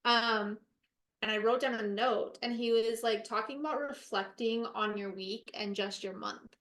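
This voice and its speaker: A woman's voice: on the high side, steady tone, a little slow, fairly bright tone, reverberant. A young woman co-hosting a podcast in encouraging, casual chat with offhand swearing. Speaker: podcast co-host.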